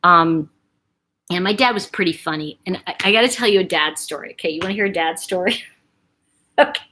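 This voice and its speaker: A woman's voice: fairly low pitch, fairly quick, sharp tone. Chatty, laughing woman livestream host. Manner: chatty, laughing often, full of fillers. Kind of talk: casual livestream chat.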